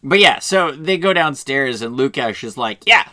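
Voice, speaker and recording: A man's voice: medium pitch, expressive, moderate pace, pushed and bright. A young man co-hosting a podcast, chatting wryly about a movie plot with sarcastic asides. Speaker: podcast co-host. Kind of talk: casual movie review chat.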